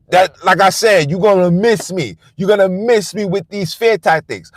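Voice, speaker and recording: A man's voice: high-pitched, normal speed, few pauses, no echo. A man hosting a live stream, delivering a blunt, defiant and profane rant that hammers the same phrases over and over. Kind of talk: ranting monologue on a live stream.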